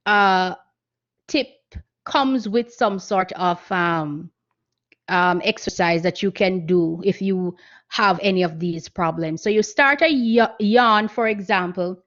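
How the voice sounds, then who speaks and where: Woman lecturing on voice, muffled audio. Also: mid-range voice. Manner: explanatory, measured, frequent fillers. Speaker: guest speaker on voice training. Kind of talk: online seminar lecture.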